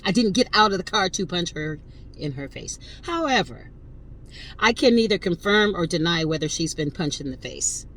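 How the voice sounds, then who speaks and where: A woman's voice: on the low side, normal speed, poor audio. A woman in her fifties hosting a podcast, telling a story casually and emphatically and speaking straight to her listeners. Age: 50s. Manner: animated, emphatic, addresses listeners directly. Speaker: podcast host.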